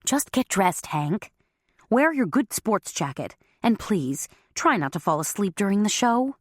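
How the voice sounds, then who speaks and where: A woman's voice: mid-range voice, big pitch swings, a little slow, dry recording, studio quality, pitched above the performer's own voice. A woman doing a prim, exasperated older mom. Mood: patient. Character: fussy doting older mother, exasperated.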